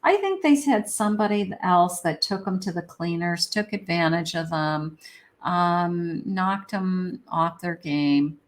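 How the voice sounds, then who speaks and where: A woman's voice: fairly low pitch, lively intonation, measured pace. Chatty woman giving a tarot reading. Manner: chatty and encouraging, with frequent ums. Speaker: psychic tarot reader. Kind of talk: casual tarot reading to camera.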